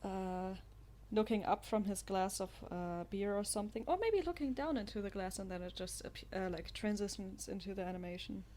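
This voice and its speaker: A woman's voice: mid-range voice, expressive, brisk, few pauses, warm tone. A young woman co-hosting a podcast, describing an idea hesitantly and with many fillers in a casual chat. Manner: hesitant, filler-heavy explaining. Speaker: podcast co-host. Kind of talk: casual chat among friends.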